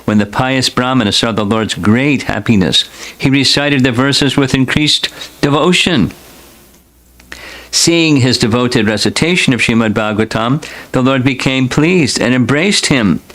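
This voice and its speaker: A man who is a spiritual teacher, reading scripture aloud in a slow, deliberate, devotional way. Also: mid-range voice, a bit bright, rough recording.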